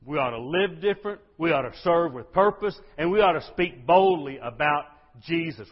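An exuberant man preaching to his congregation, his husky voice leaping up in excitement and then dropping low. His middle-pitched tone comes through a dull, lo-fi recording. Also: normal speed, hardly any pauses. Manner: exuberant, swings from loud to hushed. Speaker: pastor. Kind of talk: sermon. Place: church sanctuary. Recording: dull lo-fi sound.

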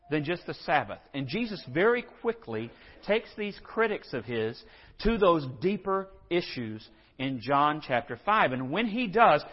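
Pastor guy preaching, chatty and acts out quotes, slightly high voice, muffled audio with long church reverb. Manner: conversational preaching with acted-out quotes and rhetorical questions. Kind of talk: sermon.

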